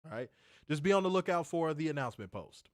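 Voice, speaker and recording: A man's voice: on the high side, lively intonation, quick pace, slight background noise. A man hosting a podcast, telling a story in a loose, profane way and laughing often. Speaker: podcast host. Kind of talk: casual storytelling chat.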